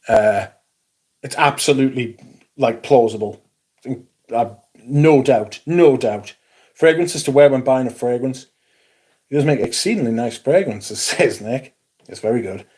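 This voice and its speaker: Geordie guy around forty, livestream host, blunt, swears freely, dry sarcasm, mid-pitched voice. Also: darkish tone, slightly rough. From Newcastle, England. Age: 40s. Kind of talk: casual livestream chat reading comments.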